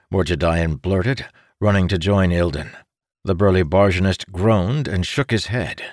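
A man narrating a fantasy story as an audiobook reader, in a dramatic, expressive read that leaps up for the characters' shouts. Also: deep voice, dry recording, clean studio sound.

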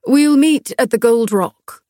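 A woman's voice: a little high, slow, warm tone, dry recording, studio quality. A woman voicing a commanding young man who leads a travelling group, speaking in firm, clipped orders. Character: commanding young male leader, steady and protective.

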